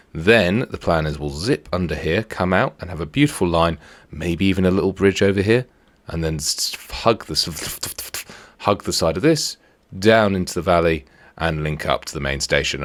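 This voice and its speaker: Giving chatty, playful commentary, a man hosts a let's play and jokes with himself while he builds. His voice rumbles low but has a fairly bright tone, and the talk is casual gameplay commentary.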